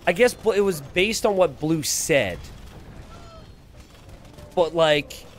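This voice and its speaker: A man's voice: fairly high pitch, takes it slowly, soft background music. A man commentating a strategy game live on stream and reading the chat aloud. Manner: animated, reads viewer chat aloud.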